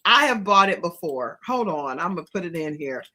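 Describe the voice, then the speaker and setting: A woman co-hosting a casual podcast, telling a story in an animated way, laughing often and acting out what people said. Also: lowish voice, a little fast. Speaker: podcast co-host.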